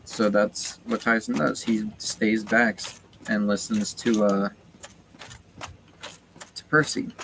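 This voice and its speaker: A man's voice: lowish voice, little pitch movement, slow, vocal fry, pauses often. A man casually retelling a story while playing a game, rambling with lots of fillers. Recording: noticeable background noise.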